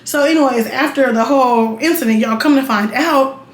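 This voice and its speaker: A woman's voice: high-pitched, moderate pace. Blunt, chatty young woman. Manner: blunt, profane, chatty, keeps checking in with the viewer. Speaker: vlogger. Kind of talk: casual storytelling while getting ready. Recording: roomy echo with faint noise.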